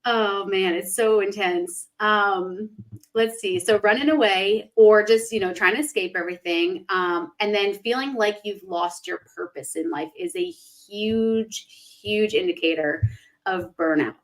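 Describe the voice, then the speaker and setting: Animated woman hosting a livestream chat. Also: medium pitch, unhurried, rough recording. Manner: animated, acts out quoted thoughts in a raised voice. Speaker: spiritual life coach and livestream host.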